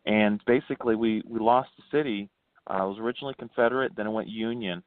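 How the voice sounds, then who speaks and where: A man's voice: fast, dry recording. A man from Florida, born in New Hampshire, telling history and ghost stories as an interview guest, laughing often. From born New Hampshire, raised in Florida. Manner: animated storyteller, laughs often, swoops in pitch. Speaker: guest, paranormal investigator and ghost tour founder. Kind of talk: casual phone interview. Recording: dry tinny phone line.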